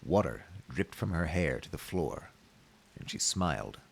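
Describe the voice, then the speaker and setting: A man streaming, reading a game's story aloud with measured, wry asides. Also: rumbling low, very animated, vocal fry, breathy edge. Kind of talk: reading a game aloud with commentary.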